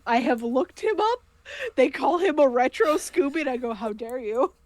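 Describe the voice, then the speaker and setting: A woman's voice: high voice, expressive, normal speed, darkish tone, no room sound. A woman chatting casually on a livestream, emotional and rambling with lots of fillers. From United States. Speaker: co-host.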